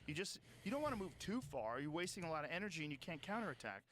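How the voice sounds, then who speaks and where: Guy hosting a podcast, swears a lot, fired up, kinda high voice, faint hiss behind. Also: very fast. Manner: animated, profane, emphatic. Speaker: podcast host. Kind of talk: casual chat.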